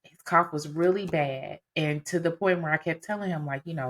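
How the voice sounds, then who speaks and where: A woman telling her own story on a podcast, casual and animated, with lots of fillers. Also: sits low, moderate pace. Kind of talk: personal storytelling.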